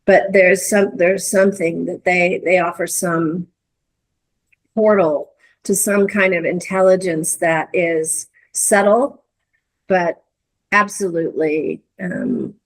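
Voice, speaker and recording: A middle-aged woman, a guest in a conversation, telling a reflective story with many restarts and searching pauses. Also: on the low side, steady tone, rough recording. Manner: earnest, searching, lots of hedges and restarts. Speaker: interview guest.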